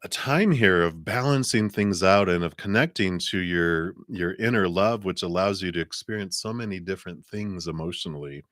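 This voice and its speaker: A man giving a live-stream tarot reading, soft-spoken and meandering with many fillers, talking around a cough drop. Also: deep voice, moderate pace, hardly any pauses, dry recording, studio quality. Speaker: tarot reader.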